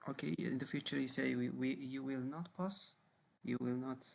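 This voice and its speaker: A man's voice: medium pitch, steady tone, normal speed, vocal fry. A man teaching a one-on-one English grammar lesson over a call, patient and repeating words often.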